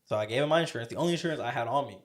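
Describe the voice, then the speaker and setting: A man's voice: medium pitch, racing. A young man co-hosting a podcast, telling a story in a casual, profane, rambling way. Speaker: podcast co-host.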